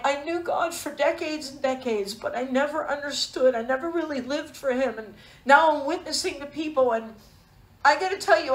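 Female Bible teacher, fairly high voice, heartfelt personal storytelling in a sermon, roomy echo. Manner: personal storytelling, earnest and emotional. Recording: echoey room.

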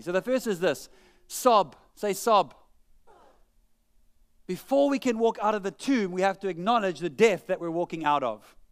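A man preaching a sermon in church, conversational and humorous, joking at his own expense. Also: high-pitched. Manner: humorous, conversational preaching with self-mocking jokes. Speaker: pastor.

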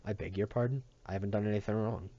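A man voicing a defiant teenage boy who speaks flatly and coldly. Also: fast talker, lo-fi sound, natural voice. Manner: flat, cold and low.

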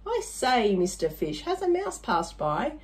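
A woman voicing a fussy, frantic gentleman chasing his lost roller skate in a children's story. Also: fairly high pitch, wildly swooping pitch, unhurried. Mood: pleading. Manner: frantic and fretful.

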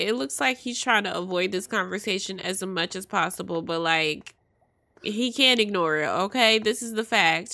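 Brief: young woman, bright higher voice, laid-back slangy game commentary. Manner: chatty, laughing, slangy. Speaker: let's play host.

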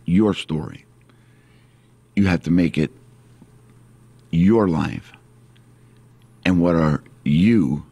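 Deep slow-spoken preacher man. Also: a little mellow, slightly rough, dry recording. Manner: earnest, repetitive preaching, slowing on key phrases. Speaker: pastor. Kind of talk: sermon.

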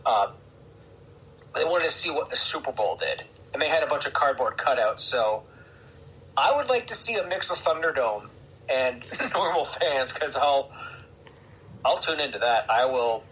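A man hosting a podcast, chatting casually and excitably about wrestling and laughing often. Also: medium pitch, moderate pace, long pauses, low-quality recording. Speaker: podcast host. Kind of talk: casual chat.

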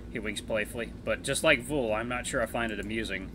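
A man hosting a let's play, reading a visual novel aloud in a chatty, animated way. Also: fairly low pitch, slight background noise. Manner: animated, chatty, quick laughs.

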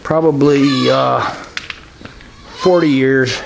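Older man, folksy and gruff. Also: on the high side, a little slow, noisy background. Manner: folksy, rough-spoken, calls out to animals. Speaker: homesteader filming his farm. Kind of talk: casual chat. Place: outdoors and in a barn and chicken house. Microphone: handheld camera.

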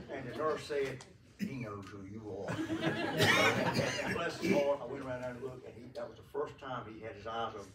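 A man gives a folksy funeral eulogy in a church sanctuary, telling meandering stories, chuckling a lot, and leaning on fillers. His voice is mid-range, there's background noise, and the distant mic leaves the room echoey.

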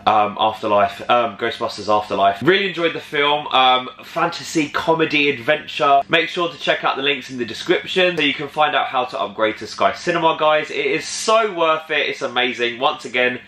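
A young man, vlogging in an excitable, chatty way as he talks to the camera. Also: mid-range voice, normal speed, few pauses, roomy sound. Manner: excitable, chatty, lots of "like" and "oh my God". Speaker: travel vlogger. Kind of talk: casual vlog chat to camera.

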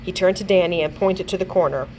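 A woman librarian reading a children's chapter book aloud in an expressive storytelling voice. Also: on the low side, slight background noise, low-quality recording. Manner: pauses to check pronunciation of words. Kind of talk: children's read-along narration.

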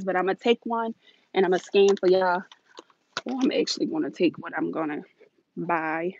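A woman hosting a live shopping stream inside a large store, filming on a handheld phone and talking fast and chatty to her viewers while a little out of breath. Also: mid-range voice, creaky, background noise. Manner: chatty, hurried, addresses viewers directly. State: slightly out of breath. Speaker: deal-hunting vlog host. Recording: dull phone audio.

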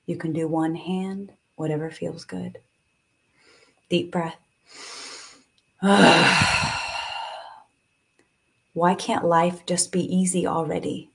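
A woman's voice: lowish voice, level tone, slow, gravelly, pauses often, slightly rough. A woman guiding a live tapping and breathing session, speaking soothingly and coaxingly, with sighs and moments of emotion.

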